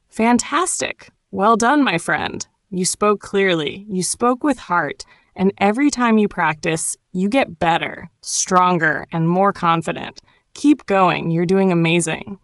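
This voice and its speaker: A woman teaching an English lesson, narrating a simple story and gently coaching learners to repeat words, with warm encouragement. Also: on the low side, a little slow, dry recording, clean studio sound. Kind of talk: slow ESL lesson narration.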